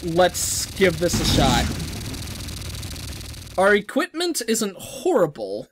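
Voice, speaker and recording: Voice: takes it slowly, noisy background. A let's-play gamer giving casual gameplay commentary, rambling and self-deprecating, often trailing off and restarting sentences. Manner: lively, jumpy pitch.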